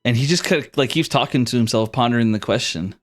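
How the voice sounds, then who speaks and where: A man's voice: medium pitch, fast talker, faint music behind. A man acting as game master who narrates a tabletop game in a rambling way, full of fillers and restarts.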